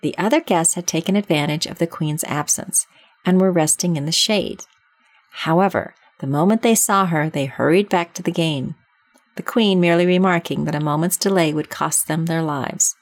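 A woman narrating a classic children's storybook in a measured, expressive reading. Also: lowish voice, no room sound.

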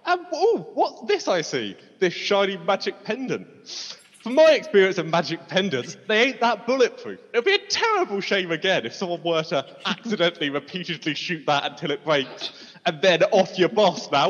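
A man's voice: sits high, big pitch swings, moderate pace, a bit bright, breathy edge, heavily acted. A man doing a swaggering put-on British tough guy. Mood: menacing. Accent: put-on British, as an American imagines it. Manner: menacing, mock-polite, swaggering. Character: tough-guy male crook taking a hostage. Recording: dull roomy recording with long reverb.

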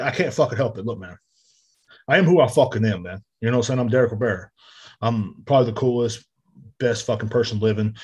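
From a room at home close to a street, a U.S. podcast host talks into his desk microphone in a husky, medium-pitched voice. His casual rant wanders, heavy on swearing and filler words.

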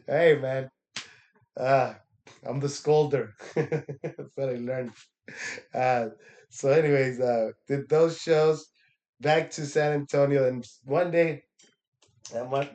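A young Texas stand-up comedian gives a loose, profane rundown of his week, laughing often and acting out what people said. His voice sits in the mid range and is a little mellow. It's a casual recap monologue.

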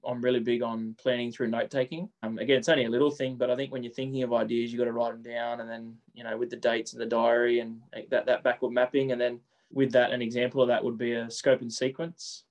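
A man, a coach answering interview questions in quick runs with frequent repeated words. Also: medium pitch, level tone.

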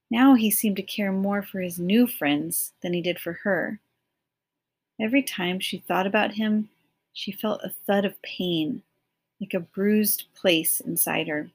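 A woman reading a novel aloud as an audiobook, measured and expressive. Her voice sits in a plain middle register. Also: medium pitch, breathy edge. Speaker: audiobook narrator.

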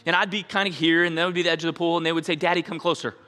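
Bright-voiced pastor preaching in a reverberant hall. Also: male voice, on the high side, very fast. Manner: animated storytelling, acts out voices, asks the congregation questions. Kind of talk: sermon. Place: church sanctuary.

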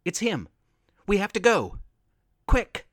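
An excitable young boy, voiced by a man, calls out eagerly. The voice is high and lively, with a dry, close sound. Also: takes it slowly, dry recording, full character voice. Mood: excited.

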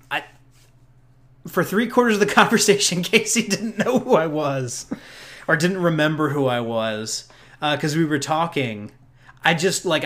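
A man with a mid-range, fairly bright voice hosts a podcast, casually rambling about a convention. He laughs often and restarts his sentences again and again.

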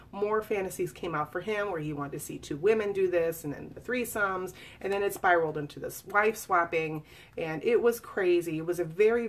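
Earnest woman in her forties, low voice. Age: 40s. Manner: earnest, confiding, with fillers and restarts. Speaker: author reading and discussing her memoir. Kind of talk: personal testimony, casual live talk.

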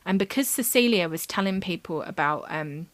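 A woman's voice: lowish voice, lively intonation, moderate pace, no room sound. A woman co-hosting a true-crime podcast, telling the story in a casual, chatty way with lots of fillers. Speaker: podcast co-host.

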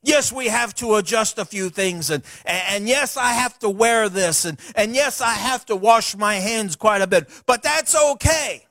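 High-voiced folksy preacher man. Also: unhurried, hardly any pauses, no echo, clean studio sound. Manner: folksy, animated preaching with asides. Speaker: pastor. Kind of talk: sermon. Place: church sanctuary.

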